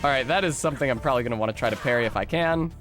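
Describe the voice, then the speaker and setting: A man streaming a video game, giving excitable, profane commentary and talking to himself as he plays. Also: medium pitch, rapid-fire, loud music behind the voice. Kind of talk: casual gameplay commentary.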